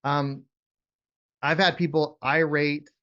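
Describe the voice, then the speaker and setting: On a lo-fi call, a man coaching real estate investors speaks slowly in a fairly high, bright, forceful voice with a flat delivery. He rambles casually, repeats words, and sometimes whispers to demonstrate a point.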